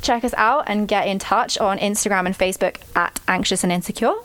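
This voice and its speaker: Brief: young British female co-host, deadpan teasing, mid-pitched, dry close recording. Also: a little fast, no room sound. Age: young adult. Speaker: podcast co-host. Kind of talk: casual chat.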